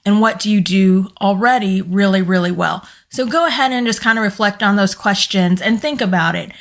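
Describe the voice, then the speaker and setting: A woman's voice: mid-range voice, normal speed. A woman who has left corporate work to run her own business, speaking to camera in a casual, encouraging way while losing her voice. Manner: earnest, encouraging, with fillers and small restarts. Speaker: business coach and former corporate employee. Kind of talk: casual motivational talk to camera.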